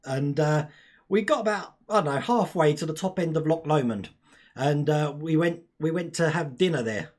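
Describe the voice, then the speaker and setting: A man's voice: on the high side, moderate pace. A young man hosting a casual live stream, chatting, laughing often and reading out viewer comments.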